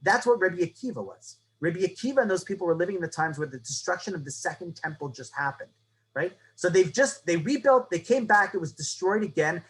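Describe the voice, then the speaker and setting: A man teaching a lesson on the Passover Haggadah. He tells it as a story, keeps asking the listeners "right?", and moves between loud, emphatic lines and low, hushed ones. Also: low-quality recording.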